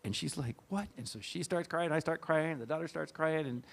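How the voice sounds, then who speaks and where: A middle-aged man, a guest speaker at a church event, telling a personal story in an earnest, halting way with fillers and restarts. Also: fairly high pitch, gravelly.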